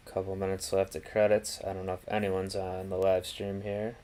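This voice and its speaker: A man's voice: low-pitched, completely flat delivery, moderate pace, warm tone. A man reviewing a film on a casual live stream, thinking aloud and restarting his sentences with many fillers.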